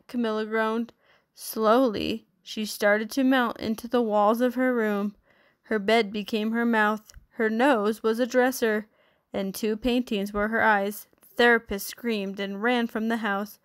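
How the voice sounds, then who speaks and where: Woman reading a storybook aloud, slightly high. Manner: expressive, measured storytelling. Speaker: storybook reader. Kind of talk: read-aloud story narration.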